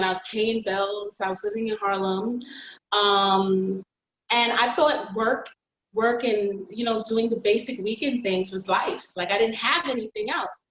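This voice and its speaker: A woman painter telling her own story in an interview, heartfelt and expressive and quick to laugh. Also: on the high side, muffled recording. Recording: roomy echo.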